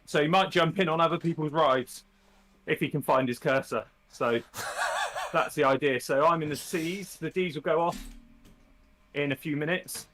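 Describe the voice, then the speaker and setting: A man's voice: a little high, normal speed, a bit bright. A man hosting a live stream in casual chat, explaining plans and teasing his co-host in a wry way.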